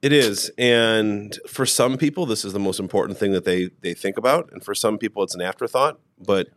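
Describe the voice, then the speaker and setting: A man's voice: lowish voice, fairly quick, fairly bright tone, dry recording, studio quality. A man co-hosting a podcast as a financial advisor, chatting casually and rambling through his stories. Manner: rambling storyteller.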